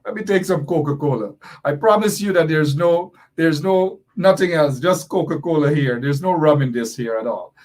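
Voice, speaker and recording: A Guyanese man hosts a political talk show, speaking in a fairly high, slightly mellow voice at normal speed with few pauses. He's emphatic and repeats his points, reading viewer comments aloud and answering them.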